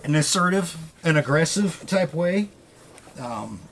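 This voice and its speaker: A man's voice: fairly high pitch, animated, a little slow, a bit bright, slight background noise. A man hosting a podcast, casually retelling a story with loose quoted dialogue and frequent swearing. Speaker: podcast host.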